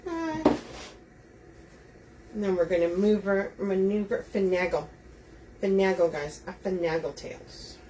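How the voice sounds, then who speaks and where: A woman's voice: medium pitch, big pitch swings, a little slow, pauses often, dark tone. A woman hosting a live craft demonstration, chatting with viewers as she talks them through each step. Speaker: wreath-making host. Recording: distant mic, faint room noise.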